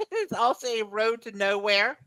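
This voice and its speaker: A woman's voice: fairly high pitch, lively intonation, unhurried, bright, forceful tone, dry recording, low-quality recording. A woman guest in a casual chat, rambling through memories with frequent restarts and laughs. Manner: rambling, repeats words while recalling, laughs often.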